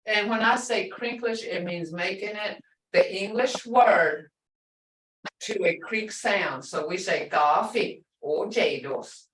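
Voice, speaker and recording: Middle-aged woman language teacher, slow and patient, sits back from the mic in a roomy space. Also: medium pitch, fairly bright tone, a little hiss or hum. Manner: explains patiently, repeats words slowly, laughs lightly. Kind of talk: online language lesson. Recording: roomy sound from a distance.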